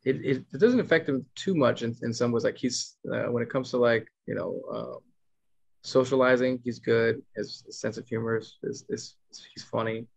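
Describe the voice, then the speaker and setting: A man in his thirties hosting a casual podcast. His voice is gravelly and he rambles with many restarts. He mimics his kids as he talks, and the recording sounds dull and lo-fi. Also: medium pitch, normal speed. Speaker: podcast host. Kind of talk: casual chat.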